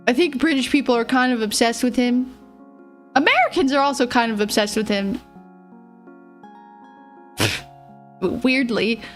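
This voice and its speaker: Young woman streamer rambling slow, giggly, kinda mumbly, soft music under it. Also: a little high. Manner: rambling, giggly, self-deprecating; mumbles a little. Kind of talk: casual livestream chat. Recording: faint music behind.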